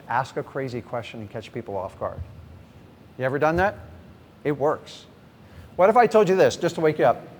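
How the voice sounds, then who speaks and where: A middle-aged man teaching a live seminar. He is energetic and direct, often questions the audience and then answers himself. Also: fairly high pitch. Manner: energetic, direct, acts out sample conversations. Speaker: real estate investing trainer. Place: large event hall with a live audience. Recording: echoey hall, faint background noise.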